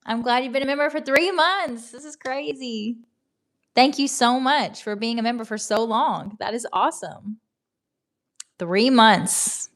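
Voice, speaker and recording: A woman's voice: on the high side, a little slow, fairly bright tone. A young adult woman hosting a livestream, chatting casually, reading out viewer comments and thanking them with giggles. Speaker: livestream host.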